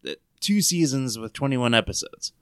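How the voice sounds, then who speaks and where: A man co-hosting a casual podcast, his voice smooth and clear at a middle pitch. He tells stories with a joking, animated manner. The sound is close and dry. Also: moderate pace, dry recording. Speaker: podcast co-host. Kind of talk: casual chat.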